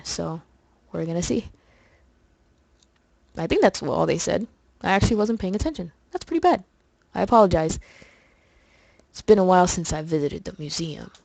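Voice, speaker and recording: Chatty young woman doing game commentary. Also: lowish voice. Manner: chatty, rambling, full of fillers. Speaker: let's play host. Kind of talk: casual gameplay commentary.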